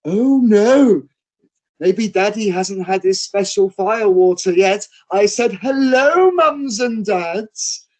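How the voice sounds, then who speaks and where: A man voicing a loud female pantomime dame, teasing and bossing a theatre crowd in a sing-song shout. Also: high-pitched, expressive, slow, voice pushed up, exaggerated voice. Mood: teasing, brassy.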